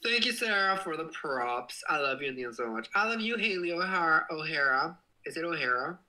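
A man's voice: a little high, expressive, brisk, sharp tone, poor audio. A young man hosting a casual livestream, reading out viewer comments in a bubbly, giggly way and swearing playfully. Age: young adult. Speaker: livestream host.

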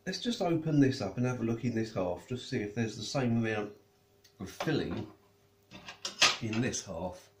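Man, food reviewer, casual chat, talks while eating, bouncy pitch. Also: expressive, normal speed, long pauses, darkish tone, a little hiss or hum. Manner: chatty, tastes and eats while talking. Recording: echoey room.

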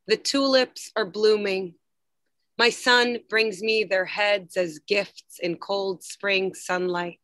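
A woman reading her own poetry aloud over a video call, slow, measured and quiet. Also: mid-range voice, dry recording.

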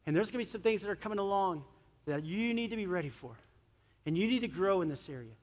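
A middle-aged male pastor preaching a sermon, animated, swinging between loud emphasis and soft, earnest moments. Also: sits high, fast. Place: church sanctuary. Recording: long church hall reverb.

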